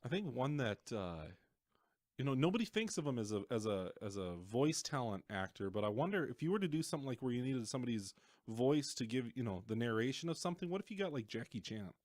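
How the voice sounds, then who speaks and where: A man's voice: medium pitch, sing-song, fast talker, darkish tone, no room sound, studio quality. A man co-hosting a podcast in a casual chat, joking at his own expense and stumbling over restarts. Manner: self-deprecating, tosses out ideas with stammered restarts. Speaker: podcast co-host.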